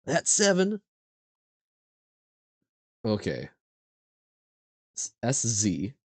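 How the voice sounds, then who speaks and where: Male streamer, thinking aloud, halting word guesses, lively pitch, slow delivery, dry sound. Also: slightly rough, dry recording. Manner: sounds out foreign words haltingly, muttering guesses. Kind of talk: thinking aloud during a live quiz stream.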